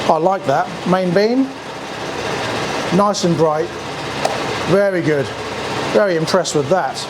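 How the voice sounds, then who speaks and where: British male scooter reviewer, chatty and plain-spoken, slightly high voice. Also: heavy background noise. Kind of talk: casual product walkaround review.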